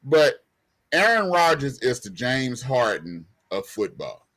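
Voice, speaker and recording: Emphatic sports-talk man, bright voice. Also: mid-range voice, sing-song, slow pace. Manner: emphatic, repeats himself, colloquial. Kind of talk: heated sports debate.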